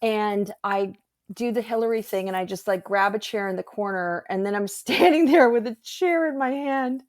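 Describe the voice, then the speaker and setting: A woman's voice: medium pitch, normal speed, no echo, clean studio sound. Earnest woman telling a story on a video call. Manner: animated, earnest, rambling with fillers. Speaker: guest, energy healer. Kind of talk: casual storytelling conversation.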